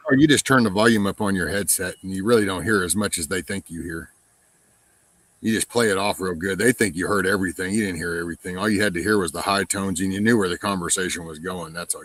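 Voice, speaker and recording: A man with a somewhat low voice tells rambling stories in a relaxed chat. He swears freely and slips into quick impressions of other people. The sound is dry and close to the mic. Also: no room sound, low-quality recording. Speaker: podcast host. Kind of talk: casual chat.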